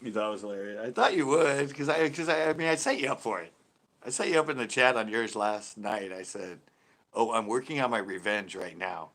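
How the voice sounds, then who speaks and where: A man's voice: mid-range voice, lively intonation, brisk, fairly bright tone. A man hosting a casual live stream from home, chatting with viewers and laughing often between remarks. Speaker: host of a live after-show stream.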